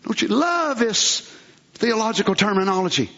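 A man preaching a fervent sermon, swinging between shouts and low asides. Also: very animated, normal speed, highs cut off.

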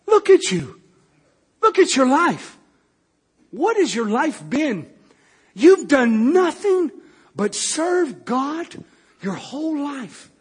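A man's voice: very high voice, big pitch swings, takes it slowly, pauses often, exaggerated voice. A man voicing a scornful, whispering male devil in a sermon retelling, mocking and accusing. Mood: taunting.

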